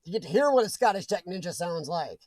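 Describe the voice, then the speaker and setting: A man's voice: high voice, very animated, fast, darkish tone, no room sound. A man hosting a casual livestream, reading viewer comments aloud, joking and laughing often. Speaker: livestream host reading chat. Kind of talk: casual chat.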